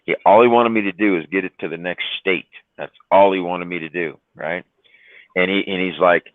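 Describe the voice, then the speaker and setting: A man's voice: sits low, steady tone, brisk, no room sound. A man telling trucking stories in a rambling, profane way, with lots of "you know" and "right?". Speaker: trucker on a livestream chat. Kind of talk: casual storytelling. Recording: dry tinny phone-like line.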